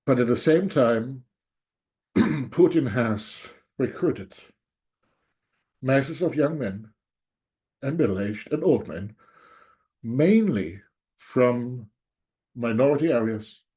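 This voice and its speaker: A man's voice: medium pitch, lively intonation, slow pace, long pauses, dark tone. A man delivering an angry, emphatic solo commentary, openly sarcastic and hammering his points home. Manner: repeats "there's no doubt" for emphasis. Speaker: political commentator. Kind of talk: solo opinion monologue.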